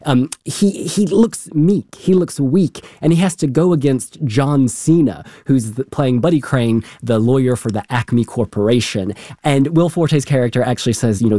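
A man appearing as a cultural critic on a radio show, giving thoughtful, measured commentary. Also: medium pitch, mellow, no room sound, clean studio sound. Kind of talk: studio discussion.

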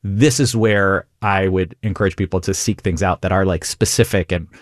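A man, a comedian, talking through an interview in an animated way, laughing and acting out quoted lines. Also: deep voice, normal speed, no echo, studio quality. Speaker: comedian guest. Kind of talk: conversational interview.

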